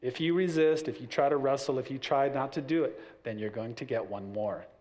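Middle-aged man, casual talk on parenting, animated storytelling, mid-range voice. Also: medium pitch, fairly quick. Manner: animated, acts out little scenes with family voices. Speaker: parent giving parenting advice.

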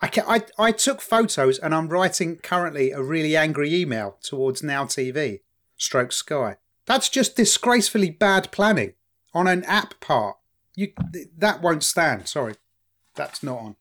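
A man with an East London accent, co-hosting a podcast in casual chat, telling stories in an animated, jokey way with some swearing. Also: fairly high pitch, moderate pace. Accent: London English. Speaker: podcast co-host.

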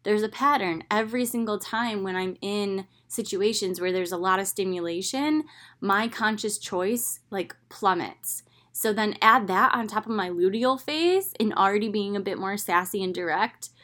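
A young woman hosts a casual self-help talk in a candid, animated way. She slips into her own inner voice now and then. Her pitch sits in a middle range. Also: normal speed.

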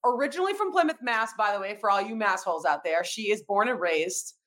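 A woman co-hosting a casual sports podcast, animated and quick with asides, swearing freely as she tells stories. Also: medium pitch. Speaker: podcast co-host.

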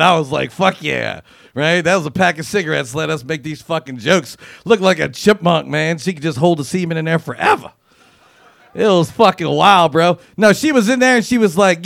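High, gravelly-voiced man doing crude stand-up. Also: fairly bright tone, no echo. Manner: crude, profane, riffing with acted-out quotes. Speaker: comedian. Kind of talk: stand-up comedy routine.

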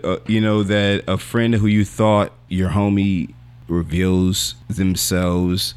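A young man co-hosting a podcast in casual, slangy, rambling chat while losing his voice. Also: low voice. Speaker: podcast co-host.

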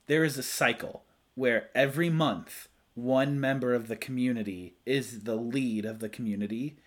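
A man's voice: mid-range voice, moderate pace. Playful man building on jokes. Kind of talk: casual comedic chat.

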